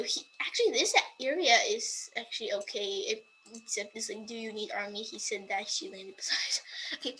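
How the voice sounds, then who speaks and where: A woman vlogger reading a book excerpt aloud to voice typing, slow and deliberate, breaking off for amused asides. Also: a little high, bright, forceful tone, poor audio.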